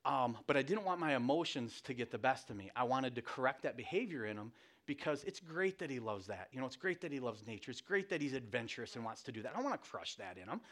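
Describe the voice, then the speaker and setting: Moving at a quick pace, a man with a mid-range voice preaches a relaxed, chatty sermon about his family. He repeatedly starts over and adds self-deprecating remarks.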